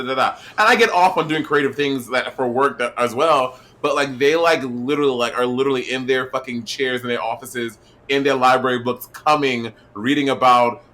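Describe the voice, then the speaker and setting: A man co-hosts a casual podcast chat with a bright, forward voice. He rambles loosely, teases his co-host, and swears freely. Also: mid-range voice. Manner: loose, profane, teasing.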